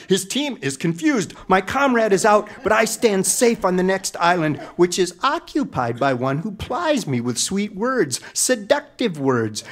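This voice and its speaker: High-voiced man telling a mock-epic tale. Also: big pitch swings, moderate pace, hardly any pauses, fairly bright tone. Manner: mock-epic, dramatic delivery. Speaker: storyteller. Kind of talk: comic storytelling.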